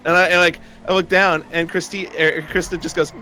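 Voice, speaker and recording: A man's voice: sits high, level tone, a little fast, sharp tone, slight background noise. A young man telling a long personal story in casual chat, rambling with many fillers and frequent laughs.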